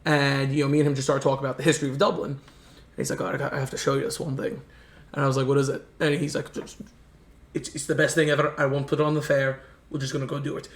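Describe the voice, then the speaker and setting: A man's voice: mid-range voice, flat delivery, quick pace. A man from the United States telling rambling, earnest travel stories in a casual chat. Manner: earnest, rambling anecdotes with many restarts. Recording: echoey room.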